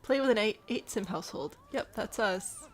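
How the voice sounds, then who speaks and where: A let's play streamer with a Midwestern accent comments casually on a life-sim game, her voice medium-pitched at a moderate pace. Playful and jokey, she chats with live viewers and cracks jokes while playing.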